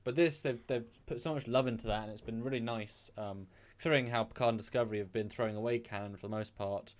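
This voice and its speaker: A man's voice: medium pitch, fairly even intonation, fast talker. A British man co-hosting a casual chat show, rambling with many fillers and restarts. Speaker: podcast co-host.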